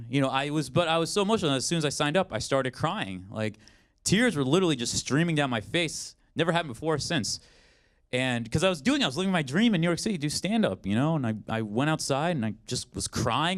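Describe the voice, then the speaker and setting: A man in his twenties performing a stand-up comedy set, telling self-deprecating stories in an animated way. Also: medium pitch. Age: 20s. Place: comedy stage in a studio.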